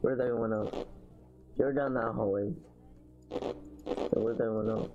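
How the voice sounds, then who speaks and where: A man's voice: mid-range voice, steady tone, a little slow, dull audio, over music. A man giving casual let's-play commentary, chatty and slangy, talking to fellow players. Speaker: gamer.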